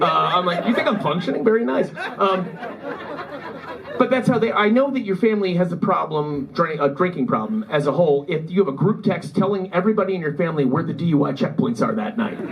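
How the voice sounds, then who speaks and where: A man's voice: on the high side, rough recording. A man performing a stand-up comedy set in a club, telling rambling, self-deprecating stories with a Midwest American accent. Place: comedy club with a live audience. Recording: live club recording with crowd. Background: audience laughter.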